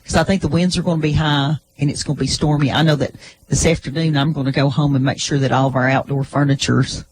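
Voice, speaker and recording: A man co-hosts a small-town radio show, his voice sitting a little high. He runs through local news in a relaxed, folksy way. Faint room noise sits behind him in the studio. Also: fast talker. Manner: folksy, easygoing community announcements. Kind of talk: casual radio chat.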